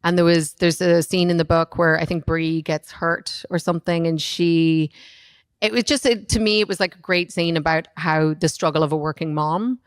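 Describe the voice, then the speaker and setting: A woman lead actress talks casually on a festival panel. Her voice sits on the low side, and she jokes easily and laughs at herself. The recording is dry. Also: fairly even intonation, normal speed, clean tone, dry recording. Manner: playful, laughing, self-mocking.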